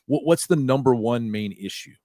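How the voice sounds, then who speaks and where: A man's voice: mid-range voice, animated, normal speed, warm tone, no room sound, clean studio sound. A man hosting a local podcast, asking questions in a casual, reassuring way with frequent repetitions. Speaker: podcast host. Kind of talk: casual interview conversation.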